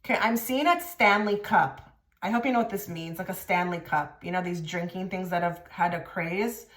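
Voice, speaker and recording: A woman's voice: fairly low pitch, moderate pace, fairly bright tone. A woman giving a casual tarot reading to camera, direct and blunt, with many filler likes. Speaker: tarot reader. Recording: echoey room.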